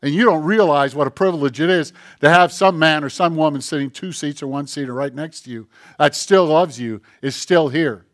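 A man preaching a sermon in a conversational way, firing rhetorical questions at the congregation and dropping from loud emphatic lines to quiet asides. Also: a little high, a little fast, hardly any pauses. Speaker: pastor.

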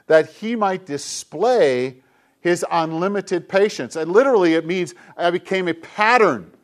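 A middle-aged male pastor preaching a sermon with an emphatic, repetitive cadence, dropping at times into soft, hushed tones. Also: high-pitched. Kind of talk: sermon to a congregation with kids.

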